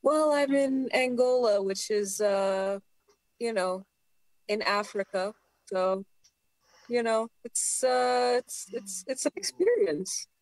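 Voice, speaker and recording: Deadpan, halting woman guest joining a comedy benefit by video call, slow delivery. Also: a little high, dry recording. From Eastern Europe. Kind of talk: casual joking chat.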